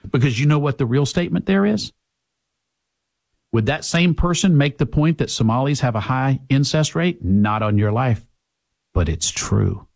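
A man hosting a radio talk show, delivering an opinionated monologue with sarcastic asides that swing between loud and soft. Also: mid-range voice, creaky.

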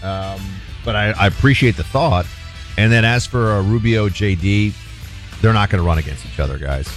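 A man hosting a talk radio show, chatting casually with callers and giving his opinions in a relaxed, conversational way. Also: lowish voice, normal speed, faint music behind. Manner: relaxed, opinionated, takes calls.

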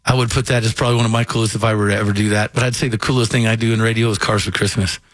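A man's voice: fairly low pitch, racing, no room sound. A man from Kentucky with a faint Southern accent, a radio host telling stories in casual on-air chat. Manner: animated storyteller, acts out voices.

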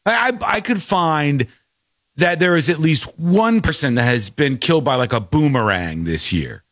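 A male co-host with a high voice that leaps up and down as he reacts in disbelief. He jokes and talks things through in a casual chat. The sound is dry and close. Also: moderate pace, dry recording. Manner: incredulous, animated, jokey. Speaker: podcast co-host.

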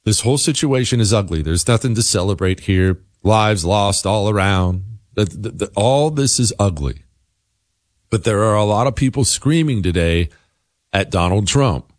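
A man's voice: fairly low pitch, expressive, normal speed, no echo, studio quality. A man hosting a political commentary show, talking in an emphatic, insistent, conversational monologue.

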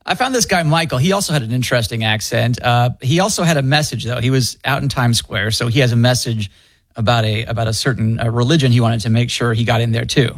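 A man's voice: mid-range voice, fast talker, dry recording, studio quality. A man chatting casually on a podcast, joking and teasing as he recounts street interviews. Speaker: street interviewer and show regular.

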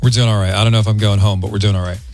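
A man's voice: fairly low pitch, little pitch movement, rapid-fire, darkish tone, faint music behind. A man hosting a morning radio show, teasing and joking with a caller.

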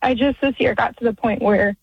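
Woman caller, husky and high, halting emotional speech, muffled phone line, dry. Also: dry recording. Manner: excited, then emotional and halting. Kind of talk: call-in question.

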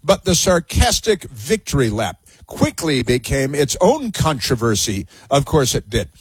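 A man's voice: medium pitch, sing-song, a little slow, breathy edge, no room sound. A man hosting a political talk radio show, sarcastic and scornful, with many filler sounds.

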